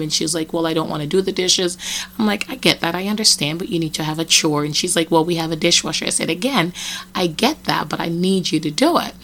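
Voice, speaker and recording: A woman's voice: low voice, fairly bright tone. A middle-aged woman from Jamaica hosting a reflective solo podcast, talking earnestly with many "you know" and "right?" asides. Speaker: podcast host.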